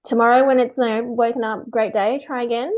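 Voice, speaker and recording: A woman dog behaviourist talking through a webinar, lively and chatty, acting out owners in quick quotes. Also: a little high, low-quality recording. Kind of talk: webinar talk.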